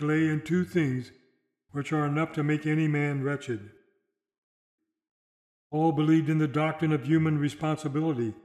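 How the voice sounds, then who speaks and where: A man delivering a sermon in a solemn, measured way, slowing down for dramatic quotations. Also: a little high, a little mellow, roomy sound. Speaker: preacher.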